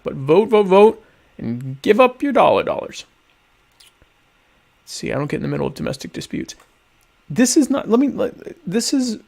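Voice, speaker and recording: A man's voice: a little high, gravelly. A young man hosting a casual live-streamed talk show, reading viewer questions aloud and answering with sardonic, mock-pompous humor. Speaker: podcast host.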